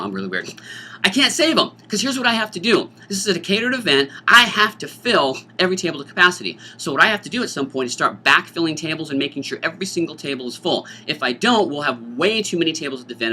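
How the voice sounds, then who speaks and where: A middle-aged man, a teacher, explaining a school dance's rules to students in an animated, joking way, often acting out student voices. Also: a little high. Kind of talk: informational talk to students.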